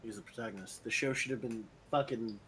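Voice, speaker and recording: A man's voice: on the low side, quick pace, a bit bright, slight background noise, low-quality recording. A man co-hosting a casual podcast chat, teasing and swearing freely. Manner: teasing, profane, mock-quoting a friend. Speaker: podcast co-host.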